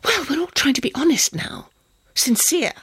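A man voicing an angry young governess who snaps back in sharp, hissing whispers. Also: very high voice, lively intonation, moderate pace, no echo, studio quality, pitched above the performer's own voice, full character voice. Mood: furious. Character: young woman, furious, tearful governess.

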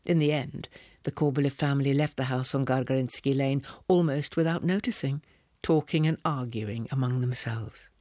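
A man reading a novel as an audiobook narrator, with measured, expressive delivery. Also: medium pitch. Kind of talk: scripted narration.

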